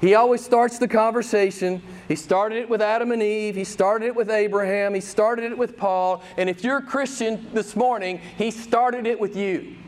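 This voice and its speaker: High-voiced preacher asking pointed questions. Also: male voice, fairly even intonation, moderate pace, hardly any pauses. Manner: emphatic, rhetorical questions, wide swings in pitch and loudness. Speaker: pastor. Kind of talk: sermon.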